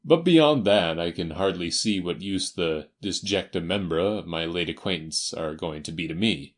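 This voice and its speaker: A man plays a down-at-heel, learned older gentleman in a storybook reading. He speaks in a low, slow, staccato way, choosing each word with care. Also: animated. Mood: measured.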